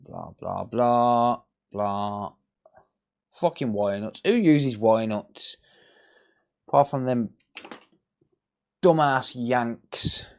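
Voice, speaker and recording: Man, unhurried delivery, crude jokey banter, repair streamer chatting live. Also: medium pitch, creaky, darkish tone. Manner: joking, crude banter with chat. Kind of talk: casual live-stream chat while working.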